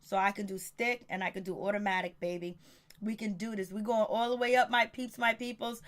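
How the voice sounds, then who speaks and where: Woman reviewer, casual TV recap, outspoken and profane, quick cast quotes. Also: mid-range voice, fairly even intonation, fairly bright tone. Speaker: show reviewer.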